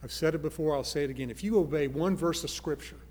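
A man preaching a sermon, earnest, moving from soft pleading to loud emphasis. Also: on the high side, fast talker, big-room sound. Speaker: pastor.

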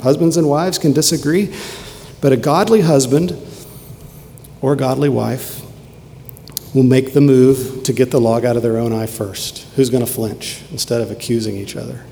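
Gravelly-voiced male preacher in a hall. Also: mid-range voice, moderate pace. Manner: earnest, rising to emphatic questions then dropping quiet. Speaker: pastor. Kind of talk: sermon. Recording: long hall reverb, faint ambient noise.

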